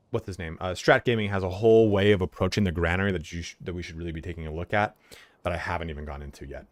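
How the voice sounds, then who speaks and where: A man with a fairly low voice chats casually through a live game stream, swearing freely and stopping to give his dog commands. His voice sounds dry and close, with no room echo. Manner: laid-back, swears freely, talks to his dog between game commentary. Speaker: streamer playing a strategy game.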